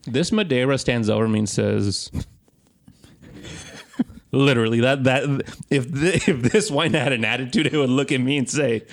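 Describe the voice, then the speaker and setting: A man in his thirties co-hosting a podcast, telling an animated story in casual chat and swearing freely. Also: medium pitch, moderate pace, creaky. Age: 30s. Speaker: podcast co-host.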